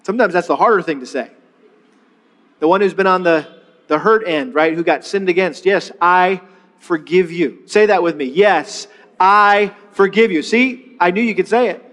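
A man's voice: sits high, expressive, normal speed. A middle-aged man preaching a sermon in a conversational way, asking rhetorical questions and leading the congregation to repeat phrases after him. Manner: leads the congregation in call-and-response repetition. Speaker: pastor. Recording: long reverb of a large hall.

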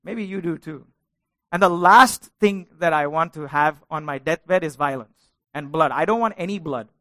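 A man's voice: on the high side, moderate pace, pushed and bright, dry recording. A middle-aged male pastor preaching a sermon, asking his congregation questions and building to passionate peaks.

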